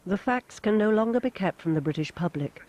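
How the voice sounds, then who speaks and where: A documentary narrator reading a scripted account in a measured, formal way. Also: medium pitch, animated, a little mellow. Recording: narration over war sound effects.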